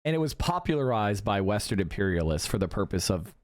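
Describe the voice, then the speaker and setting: A man's voice: lowish voice, sing-song, fairly quick, darkish tone, no echo. Young guy streamer ranting and swearing, voice jumps all over, dry sound. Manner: profane, emphatic ranting, reads chat aloud. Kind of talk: casual livestream commentary.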